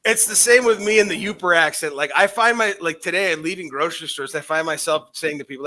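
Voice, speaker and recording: Talking fast with barely a pause, this podcast co-host has been drinking and rambles through casual chat, laughing and cursing. His voice sits on the high side, bright and forceful.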